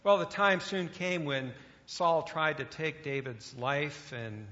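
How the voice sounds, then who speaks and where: A man preaching a sermon in an earnest way, pausing with fillers now and then. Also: on the high side, expressive, bright, forceful tone. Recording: echoey hall, dull lo-fi sound.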